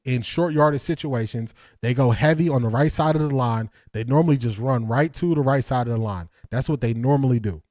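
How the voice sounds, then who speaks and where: A man's voice: medium pitch, darkish tone, no echo, clean studio sound. A man hosting a football breakdown livestream, talking energetically and emphatically, repeating lines and laughing often. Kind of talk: casual livestream commentary.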